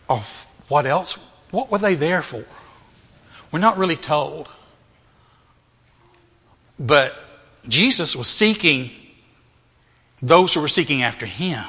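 A man's voice: fairly high pitch, bright, forceful tone, husky. Preaching man in a reverberant hall. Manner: rhetorical questions, repeats phrases for emphasis. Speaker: pastor. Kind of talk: sermon.

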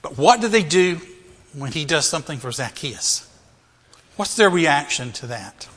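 A man's voice: a little high, big pitch swings, a little slow, fairly bright tone. A male pastor preaching a sermon, asking rhetorical questions and repeating phrases for emphasis, in a church. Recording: reverberant hall.

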